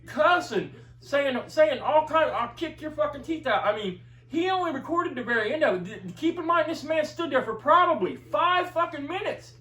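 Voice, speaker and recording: A man's voice: very high-pitched, animated, moderate pace, pushed and bright, echoey room, recorded from a distance, low-quality recording. A man telling a heated, profane story in casual chat, recorded away from the mic in a room. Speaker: video commentator.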